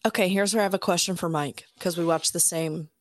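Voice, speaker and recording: A young woman co-hosting a podcast, retelling scenes in a profane, animated, laughing way. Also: lowish voice, a little fast, no echo. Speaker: podcast co-host. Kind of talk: casual chat.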